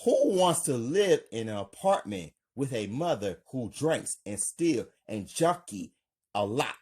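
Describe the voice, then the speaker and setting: A man reading the lines of a teenage boy who is blunt and cold toward his mother, in a flat, plain voice. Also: medium pitch, a little slow, slightly rough.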